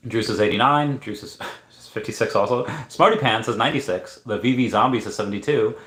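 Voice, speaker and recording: A man with a mid-range, fairly bright voice talks briskly while hosting a casual livestream giveaway in an echoey room. He playfully reads viewer comments aloud, now and then slipping into silly singing as he runs the chat giveaway.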